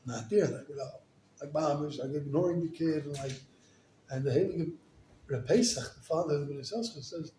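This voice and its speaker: A male rabbi preaching in a chatty, lively storytelling way, with filler words all through. His voice sits a little high. The sound bounces around a roomy space with a faint hiss behind it. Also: brisk. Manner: animated, casual, lots of "like" and "you know". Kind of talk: storytelling sermon. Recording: echoey room with faint noise.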